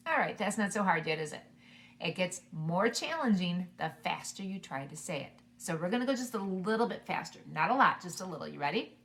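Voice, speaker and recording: A woman teaching a preschool circle-time lesson, talking slowly and encouragingly to young children. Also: on the low side, lively intonation, a bit bright. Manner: slow, sing-song, encouraging to young children.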